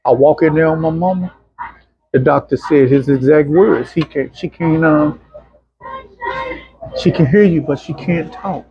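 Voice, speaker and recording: Middle-aged man with a husky, fairly high voice, an animated storyteller who acts out quotes; dull lo-fi recording. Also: unhurried, long pauses, no echo. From Arkansas, USA. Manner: animated, acts out the voices of people in his stories. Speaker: interview guest. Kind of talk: personal storytelling in a casual interview. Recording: dull, muffled lo-fi sound.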